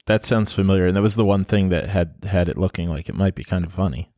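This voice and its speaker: A man's voice: low-pitched, steady tone, fast talker, warm tone, dry recording, studio quality. A man in a casual chat, asking skeptical questions and chiming in briefly. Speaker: podcast co-host.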